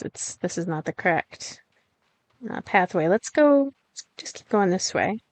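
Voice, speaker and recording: A woman's voice: medium pitch, clean tone, no room sound. A young woman giving casual, bubbly let's-play commentary as she plays a game, giggling and cooing at the animals on screen. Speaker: gameplay streamer.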